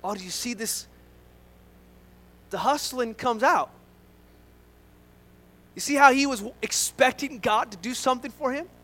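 A male pastor preaches in an earnest, emphatic way, repeating his key lines for effect. His voice sits very high for a man and has a bright, forceful edge. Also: a little slow, pauses often, low-quality recording. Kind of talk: sermon.

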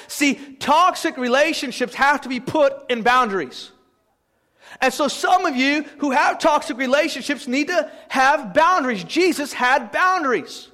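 A man's voice: very high-pitched, fairly bright tone. A male pastor preaching a sermon, emphatic and repetitive, acting out the lines he quotes. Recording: long hall reverb.

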